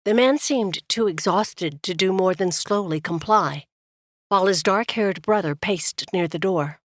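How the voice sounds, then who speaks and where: A woman narrating an audiobook in a steady, measured way. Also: mid-range voice, no echo.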